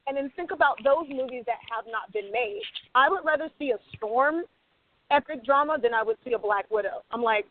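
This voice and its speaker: A passionate woman with a fairly high voice speaks on a radio panel, acting out snatches of conversation as she goes. Her voice comes through a thin, phone-like line. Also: brisk. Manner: passionate, animated, acts out quoted dialogue. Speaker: screenwriter and panelist. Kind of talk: panel discussion. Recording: tinny phone-line sound, dry.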